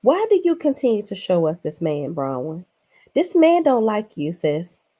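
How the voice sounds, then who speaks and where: A woman with a mid-range voice recaps a reality show bluntly and casually, her pitch swooping wildly at a normal speed with a dark tone. She's sassy and swears a lot, addressing the cast as if they could hear her, in opinionated recap commentary.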